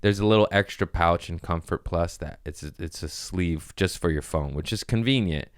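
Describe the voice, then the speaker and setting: A man's voice: sits low, normal speed, clean tone, no echo. A man hosting a comedy podcast, telling stories in a laid-back, slangy, profane way close to the mic. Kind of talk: casual storytelling chat.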